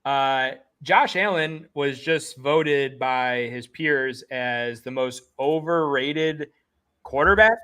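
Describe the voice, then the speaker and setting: A man co-hosting a casual sports betting chat, excitable and jokey, talking in rapid bursts of hype. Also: medium pitch, clean tone. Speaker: podcast co-host.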